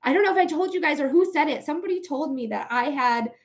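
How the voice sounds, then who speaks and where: A sleep-deprived psychic reader from Metro Detroit, Michigan, hosts a live reading stream, chatting casually in her Detroit accent and giggling. Her voice is high-pitched with lively intonation and a quick pace. She's chatty and giggly and thinks out loud.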